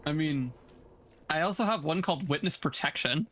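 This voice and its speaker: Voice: mid-range voice, expressive, normal speed, a bit bright, slight background noise. Teasing, laughing co-streamer. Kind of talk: casual gaming chat.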